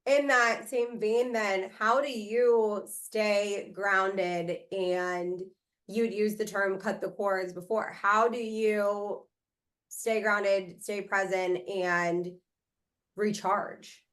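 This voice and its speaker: This woman hosts a podcast interview, speaking at an unhurried, slow pace. She sounds effusive and admiring as she asks her questions. Her pitch sits in a middle range. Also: fairly even intonation, fairly bright tone. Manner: effusive, full of praise. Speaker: podcast host. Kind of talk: casual interview conversation.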